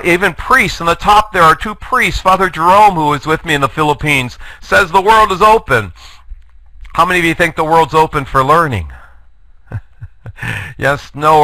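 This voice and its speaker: A man's voice: a little high, moderate pace, bright, forceful tone, no echo, poor audio. A man giving a live online lecture, jokey and self-deprecating, rallying the audience to take part. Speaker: guest lecturer. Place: online webinar.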